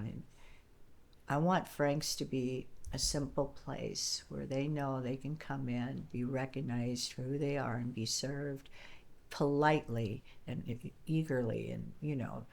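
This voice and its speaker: A woman's voice: very deep voice, fairly even intonation, takes it slowly, vocal fry, a little mellow. A woman who works as a diner server, talking earnestly in an interview and often repeating her words. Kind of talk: casual interview talk.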